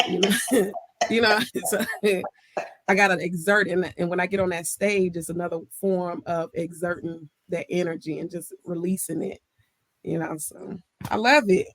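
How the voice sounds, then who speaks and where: A young woman comedian with a Southern US accent, talking loud, fast and full of energy from home in a casual interview. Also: on the low side, fairly even intonation, no echo. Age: young adult. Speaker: comedian guest.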